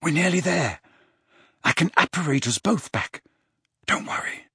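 An anxious, loyal teenage boy wizard, as a male narrator puts him on, panting and urgent. The voice is pushed higher than the reader's own, husky and dry. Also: animated, a little slow, bright, forceful tone, dry recording, heavily acted. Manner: urgent, breathless, raised in pitch. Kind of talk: audiobook character voice.

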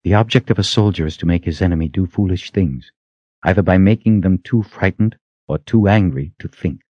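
A man's voice: low-pitched, a little mellow, dry recording, lo-fi sound. A man voicing a stern commanding woman leader. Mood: gentle. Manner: firm, measured commands.

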